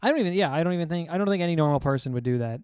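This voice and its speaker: A man's voice: on the high side, animated, rapid-fire, a little mellow, clear, resonant tone, no room sound, studio quality. A young man co-hosting a casual podcast chat, telling rambling stories and swearing often. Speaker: podcast co-host.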